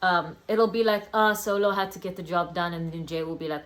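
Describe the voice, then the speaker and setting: A woman's voice: fairly low pitch, little pitch movement, fairly quick, fairly bright tone. Chatty young woman reviewing wrestling. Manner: chatty, rambling, many fillers and self-corrections. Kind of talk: casual solo review vlog.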